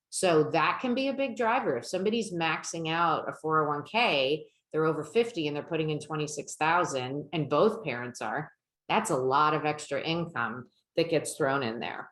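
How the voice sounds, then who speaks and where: A woman with a low voice presents a webinar, talking her audience through it in a conversational way. She keeps checking in with tag questions. The sound is echoey, as if she were in a roomy space. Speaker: college financial aid presenter.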